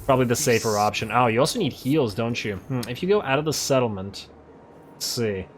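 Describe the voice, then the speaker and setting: A man hosting a let's play, casually commenting on a strategy game while thinking aloud, correcting himself and getting excited. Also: mid-range voice. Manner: excitable, quick to laugh.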